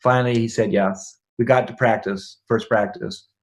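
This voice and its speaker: A middle-aged man, a guest on a podcast, tells a personal story at an everyday pitch. He is animated, voices the other people in it and laughs as he goes. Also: normal speed. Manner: animated, acts out quoted dialogue, laughs often. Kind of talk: conversational storytelling.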